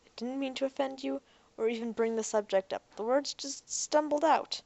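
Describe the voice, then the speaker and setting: A woman reading the part of an earnest, clever young man in an audiobook, talking in a slightly hurried, explaining way. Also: sits high, vocal fry, darkish tone, no echo, pitched above the performer's own voice. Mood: apologetic.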